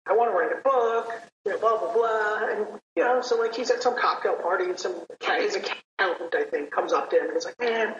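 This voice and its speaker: A woman's voice: fairly low pitch, reverberant, highs cut off, a little hiss or hum. A woman hosting a podcast, telling a long anecdote in a rambling, filler-heavy casual way. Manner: rambling storyteller, many fillers. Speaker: podcast host.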